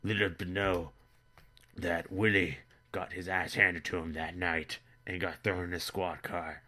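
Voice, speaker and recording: Man, deep bright voice, rambling crude comedy narrator. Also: flat delivery, a little slow. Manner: rambling, absurd, crude, chuckling.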